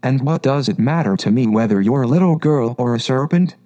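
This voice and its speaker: A man's voice: expressive, a little fast, dark tone, highs cut off, natural voice. A man voicing a fussy, sulky mother pigeon in a storybook, complaining and rising to a shriek. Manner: complaining, shrill when upset.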